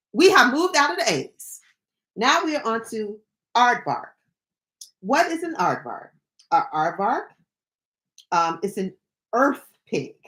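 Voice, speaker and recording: A young woman hosting a livestream, reading dictionary entries aloud and breaking in with jokey, playful asides. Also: medium pitch. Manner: animated, jokey asides between read definitions.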